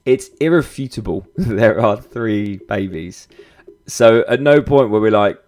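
A podcast host in his thirties talks through a personal story in a loose, unscripted way. His voice sits somewhat low for a man. He restarts sentences often, leans on fillers, and swears casually. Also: a little slow, a little mellow.

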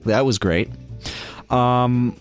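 A man's voice: mid-range voice, steady tone, drawn-out words, soft background music. A man hosting a casual podcast chat, recapping a film in a sarcastic, jokey way. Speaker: podcast host reviewing a film.

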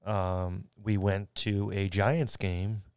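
Low, smooth-voiced man chatting. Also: slow pace, no echo. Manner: relaxed, dry, storytelling with many fillers. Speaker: podcast co-host. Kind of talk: casual chat.

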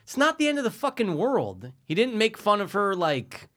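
A man's voice: high-pitched, wildly swooping pitch, normal speed, fairly bright tone. A man co-hosting a podcast in casual chat, laid-back and swearing freely. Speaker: podcast co-host.

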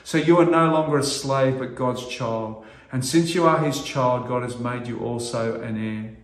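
A middle-aged man preaching a sermon as pastor, earnest and halting, restarting phrases and rising to loud emphasis. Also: mid-range voice, roomy sound.

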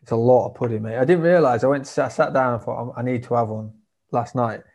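A man's voice: mid-range voice, fairly quick, darkish tone. A man as a podcast guest, chatting casually over a video call and calling his friend "mate". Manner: laid-back, says "mate" a lot.

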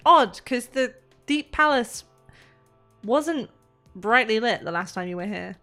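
A woman's voice: fairly high pitch, animated, sharp tone, faint music behind. Woman narrating a tabletop game. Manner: descriptive, measured narration with pauses. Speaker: game master.

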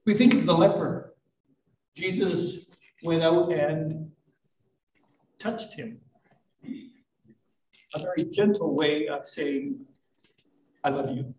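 At a live church service, an older pastor offers a gentle, reflective sermon full of soft asides and a little self-deprecating humor. His slightly high voice comes from a distance off the mic, the recording is dull and roomy, and he speaks slowly with frequent pauses.

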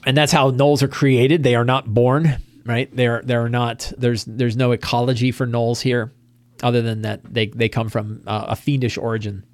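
A man hosting a relaxed game-master prep talk, retelling a tabletop session with lively, scattered energy. His voice sits at an ordinary mid pitch and sounds close and dry, with no room around it. He stumbles over restarts and often slips into quick impressions of his players. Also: no room sound. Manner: animated storytelling, acting out players' lines, frequent restarts. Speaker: host giving game-master prep advice. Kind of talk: casual spoken prep talk.

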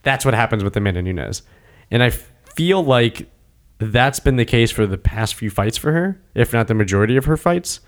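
A man's voice: mid-range voice, moderate pace. A man hosting a casual chat about fighting, talking animatedly and acting out scenes. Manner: animated, acts out scenes with voices. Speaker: podcast host.

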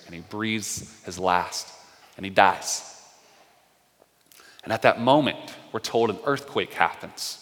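Man, pastor, animated sermon storytelling, bright voice, reverberant hall. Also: fairly low pitch, slow, pauses often. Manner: animated storytelling, acting out quotes.

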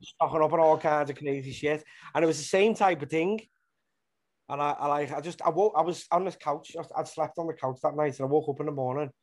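A man's voice: fairly high pitch, brisk. A man with a Liverpool accent, a comedian guest telling rambling stories in casual interview chat and swearing freely. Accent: Liverpool (Scouse). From Liverpool, England.

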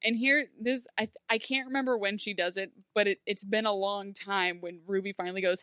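A woman in casual chat, recapping a TV episode with sarcastic, animated commentary and plenty of filler words. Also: mid-range voice, fairly quick, hardly any pauses, clear, resonant tone, no room sound, clean studio sound. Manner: animated, sarcastic, lots of "like" fillers, acts out quotes. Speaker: podcast co-host recapping a TV episode.

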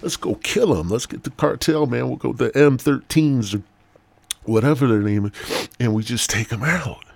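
A man's voice: mid-range voice, moderate pace, vocal fry, dry recording, pitched above the performer's own voice. A man mimicking dismissive gangster thugs who scoff at a threat. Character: mocking male gangster thugs.

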